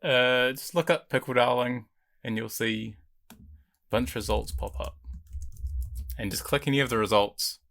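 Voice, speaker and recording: A musician as a guest on a podcast in casual chat, joking in a dry, self-deprecating way. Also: male voice, mid-range voice, moderate pace, vocal fry, pauses often, fairly bright tone.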